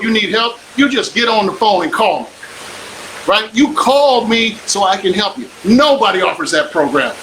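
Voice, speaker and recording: Emphatic older man, bright, high voice. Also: a little hiss or hum, rough recording. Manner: preachy, emphatic, repeats lines for effect. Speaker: real estate investor and coach. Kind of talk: motivational live stream pitch.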